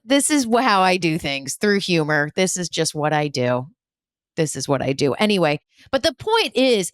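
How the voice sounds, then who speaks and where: A woman's voice: medium pitch, clean tone, dry recording, studio quality. A woman hosting a spiritual podcast, giving an emphatic, repetitive motivational talk with blunt swearing and humor. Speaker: spiritual medium and podcast host.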